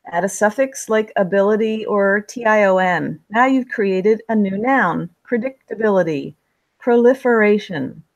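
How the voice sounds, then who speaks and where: Woman giving a measured writing lesson, dry sound. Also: mid-range voice, no echo, poor audio. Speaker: writing instructor. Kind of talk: scripted instructional narration.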